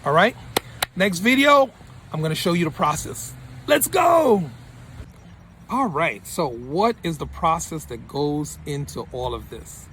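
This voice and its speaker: A man's voice: on the high side, lively intonation, a little slow, sharp tone, slight background noise. A male mentor giving a motivational talk to camera, emphatic and repeating his points for punch. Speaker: study-abroad mentor.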